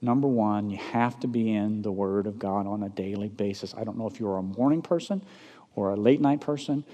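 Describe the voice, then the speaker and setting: A man preaching a sermon, swinging from loud emphatic peaks down to soft low asides and asking the congregation rhetorical questions. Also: a little fast. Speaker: pastor. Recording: long reverb of a large hall.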